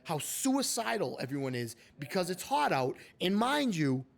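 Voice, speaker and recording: A man's voice: high-pitched, sing-song, normal speed, creaky. Male podcast host, emphatic and opinionated, casual chat. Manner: opinionated and emphatic, often addresses his co-host by name.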